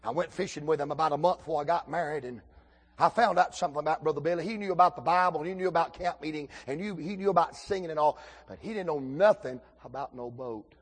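A man, preaching a folksy storytelling sermon that swings between shouts and hushed asides. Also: on the high side, fast talker, husky.

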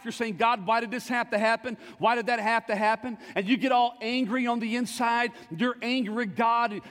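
Brief: very high-pitched male preacher, fervent, rising to shouts, long church reverb. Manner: fervent preaching with call-and-response, surging to shouts. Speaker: pastor. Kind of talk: sermon. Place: church sanctuary.

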